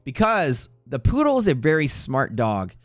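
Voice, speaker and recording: A man hosting a live trading stream, chatting casually in a rambling way with profane jokes and quick asides to viewers. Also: mid-range voice, huge pitch swings, no echo, faint music behind. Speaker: livestream trading host.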